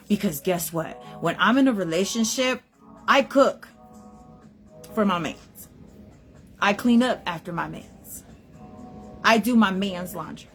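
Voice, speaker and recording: A woman's voice: a little high, fairly bright tone. A young woman, hosting a podcast and ranting bluntly about dating, swearing heavily. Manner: blunt, emphatic, heavy swearing. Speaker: podcast host. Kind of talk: profane opinion rant.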